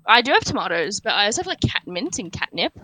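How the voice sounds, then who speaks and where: A woman's voice: medium pitch, very animated, fast talker, bright, forceful tone, poor audio. A young woman guesting on a casual podcast chat, chatty and matter-of-fact with lots of fillers.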